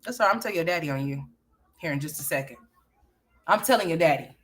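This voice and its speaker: A woman's voice: low voice, expressive, fast, very noisy. A woman hosting a casual livestream, playfully scolding and teasing her young sons. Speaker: livestream host.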